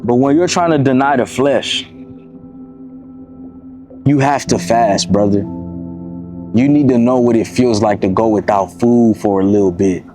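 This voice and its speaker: A young man from Miami speaks to camera in a casual, sermon-like motivational talk, circling back to the same points and leaning on "bro" and "y'all." His voice is warm and dark. Faint music plays behind him. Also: mid-range voice, measured pace, pauses often. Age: 20s. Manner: preachy and repetitive, calls listeners "bro" and "y'all". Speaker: motivational vlogger.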